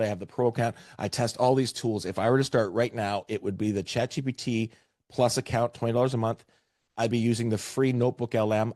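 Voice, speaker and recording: A man's voice: on the low side, warm tone, dry recording, clean studio sound. A man from Canada with a Canadian accent, giving a training webinar and talking emphatically, often repeating words for stress. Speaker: presenter. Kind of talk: webinar presentation.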